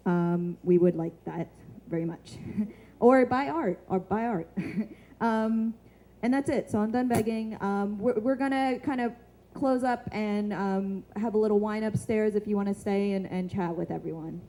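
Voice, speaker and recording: A woman hosting a small reading event gives casual closing thanks, full of ums and hesitations. Her voice is mellow and relaxed, at a middle pitch. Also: low-quality recording. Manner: casual, halting, many ums, light laughs. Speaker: event organizer and host. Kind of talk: closing announcements. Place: small shop venue with a live audience.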